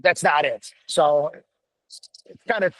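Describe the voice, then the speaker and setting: Gruff, blunt middle-aged man, fairly high voice. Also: slow pace, low-quality recording. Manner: blunt, profane, animated storytelling. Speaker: podcast guest, firefighter paramedic. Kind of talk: casual chat.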